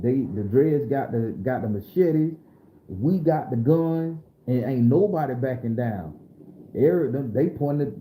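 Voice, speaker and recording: A man's voice: fairly high pitch, slight background noise. A middle-aged man from southern Florida, telling a story in a casual, streetwise way, full of cursing and slang. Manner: animated, profane, streetwise storytelling. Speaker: storyteller host. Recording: echoey room.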